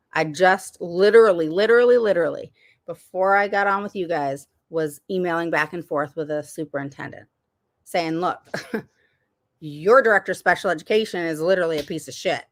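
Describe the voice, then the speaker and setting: Casting note: woman host, parent advocate, emphatic and repetitive, casual livestream advice. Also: lowish voice. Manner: emphatic, repeats words for stress.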